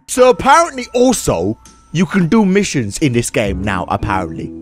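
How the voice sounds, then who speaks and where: A man's voice: wildly swooping pitch, normal speed. Brief: male let's-play commentator, crude and rowdy, voice leaping all over the place, faint game music behind. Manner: crude, rowdy, swings wildly in pitch. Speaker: gaming commentator.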